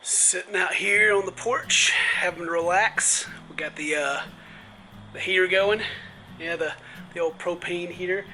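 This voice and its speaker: A young man from the southern United States chatting and explaining in a relaxed way on an outdoor porch at night, sometimes dropping to quiet asides. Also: high-pitched, measured pace, faint music behind, low-quality recording. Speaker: vlogger. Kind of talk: casual vlog chat.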